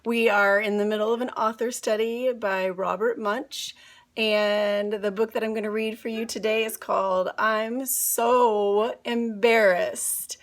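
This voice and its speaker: A woman teacher reading a picture book aloud to young children from home, with slow, clear delivery. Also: on the high side.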